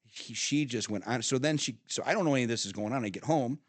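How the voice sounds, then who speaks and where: A man's voice: mid-range voice, fast talker, no room sound. A middle-aged man telling family stories on a podcast, swearing freely and laughing between stories, often restarting his sentences. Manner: animated storyteller, swearing, frequent laughs and restarts. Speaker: podcast guest, father of the host. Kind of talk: casual storytelling chat. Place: studio.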